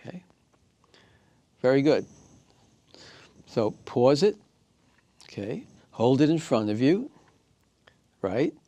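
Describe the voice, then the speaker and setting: A man teaching a recorded class, walking listeners through steps calmly and checking in with "okay?" and "right?". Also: medium pitch, slow pace, pauses often, dry recording. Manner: calm step-by-step guidance, often checking in with "okay?" and "right?". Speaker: instructor.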